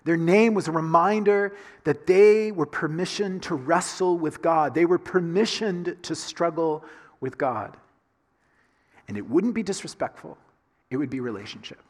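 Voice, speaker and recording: A man's voice: a little high, big-room sound. A man from the Southern United States with a Southern accent, preaching a sermon in a conversational way full of rhetorical questions. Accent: Southern American. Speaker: pastor.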